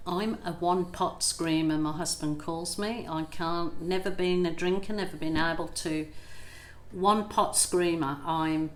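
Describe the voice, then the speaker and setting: A middle-aged woman hosts her own craft channel, talking slowly and chattily with a slightly low voice. She pokes fun at herself as she narrates a paint pour. The room sounds echoey, with a faint hum of ambient noise behind her. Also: steady tone. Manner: chatty and self-deprecating, thinks aloud. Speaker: acrylic pour artist and channel host. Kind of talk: casual how-to chat while painting.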